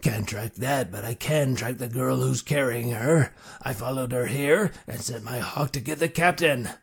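A man voicing a tall, old cowboy marshal with a dry, grumbly, low drawling voice. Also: moderate pace, vocal fry, husky. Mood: gruff.

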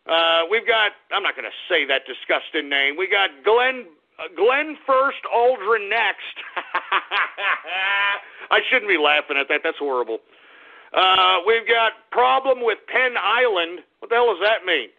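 Gravelly high-pitched ranting radio host, man. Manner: combative, scolding, bursts into shouting. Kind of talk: ranting call-out radio talk. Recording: tinny phone-like radio audio.

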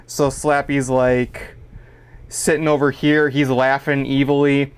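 Smooth-voiced male podcast host. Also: medium pitch, little pitch movement, slow. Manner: eager fan, filler-heavy. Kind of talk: casual podcast interview.

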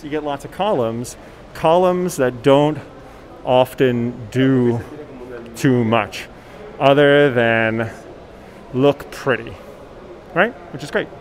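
A man's voice: mid-range voice, slight background noise, low-quality recording. A man giving a live-streamed walking tour as a guide, talking casually and reading viewer comments aloud while he walks. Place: inside a library, then outdoors on a city street.

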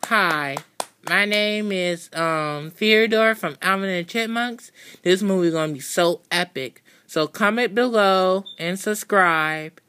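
A woman voicing an excitable cartoon chipmunk boy who gushes in a rush. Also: mid-range voice, clear, resonant tone. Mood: eager. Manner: rushed, gushing.

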